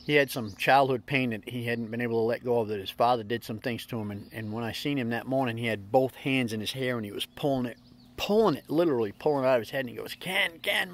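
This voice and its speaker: A middle-aged man hosting a casual motivational vlog, telling stories in a plainspoken, folksy way. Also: mid-range voice. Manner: plainspoken storytelling with folksy slips. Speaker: vlog host.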